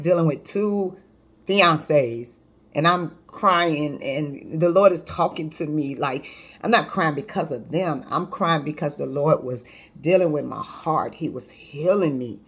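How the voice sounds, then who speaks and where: With a low-pitched voice, a woman in her fifties who works as a life coach tells her personal testimony. Her delivery is lively and chatty, marked by frequent restarts.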